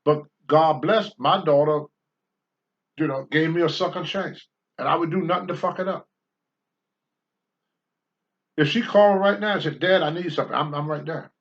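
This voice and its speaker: A man's voice: on the high side, fairly quick. An older man, a former pro wrestler, speaking bluntly and with profanity as a talk-show guest. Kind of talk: candid talk-show storytelling. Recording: dull lo-fi sound.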